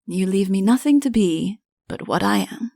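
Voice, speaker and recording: A wry, shy young suitor voiced by a woman narrator, speaking low and softly. The voice carries a gravelly fry. The sound is close and dry. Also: lively intonation, normal speed, no echo.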